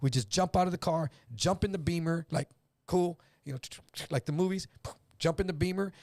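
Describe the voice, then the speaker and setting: A man telling a story in casual chat, animated, acting out voices and swearing freely. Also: a little high, normal speed, dry recording, studio quality. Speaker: guest.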